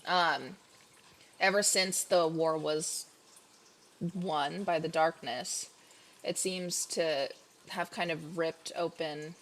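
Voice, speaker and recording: A woman's voice: deep voice, steady tone, takes it slowly, long pauses. A woman narrating as game master in a casual, chatty way full of fillers.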